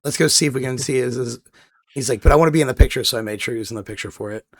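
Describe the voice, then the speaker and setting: A man's voice: medium pitch, racing, no echo, studio quality. A man co-hosting a gaming podcast, telling rambling stories with lots of restarts in casual chat. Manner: rambling storyteller, many restarts. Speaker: podcast co-host.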